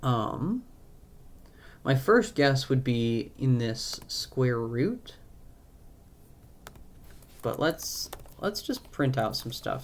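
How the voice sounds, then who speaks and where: A man's voice: mid-range voice, expressive, very slow, vocal fry, long pauses, a little hiss or hum. A man who is losing his voice, talking through a live coding walkthrough as a programmer, thinking aloud and hesitating with frequent ums. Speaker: programmer, language creator.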